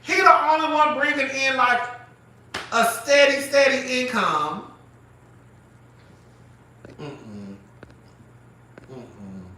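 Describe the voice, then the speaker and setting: A man hosting a casual live commentary show, animated and profane, laughing often as he talks. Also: very high-pitched, extremely slow, long pauses, very echoey, far from the mic, slight background noise. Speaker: host.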